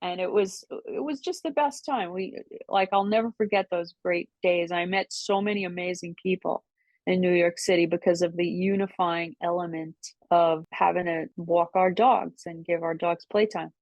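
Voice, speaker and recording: An older woman, a podcast guest, telling casual stories in an animated way, laughing often and mimicking voices. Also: fairly low pitch, normal speed, no echo. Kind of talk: casual storytelling. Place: New York City.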